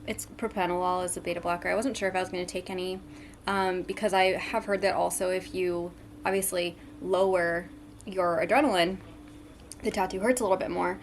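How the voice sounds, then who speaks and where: A woman's voice: on the low side, fairly even intonation, brisk, a little hiss or hum. Chatty young woman vlogging at home. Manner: chatty, frequent ums, eating while talking. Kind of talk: casual vlog chat.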